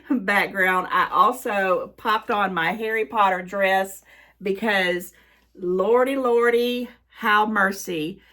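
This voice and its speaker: Bright chatty Southern woman vlogger. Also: fairly low pitch. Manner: animated, rambling, folksy exclamations. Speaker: YouTube host. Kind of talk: chatty haul vlog intro.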